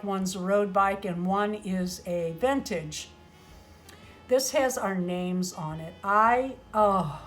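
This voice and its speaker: A middle-aged woman opens handmade doll gifts on a casual vlog, gushing and exclaiming often and sometimes getting flustered and choked up. Her voice is medium-pitched and a bit bright.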